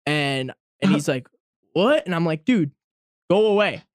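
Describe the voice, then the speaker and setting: A man's voice: a little high, unhurried, no echo, studio quality. Young man telling a profane story. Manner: profane, animated anecdote telling. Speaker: podcast guest storyteller. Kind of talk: casual storytelling among friends.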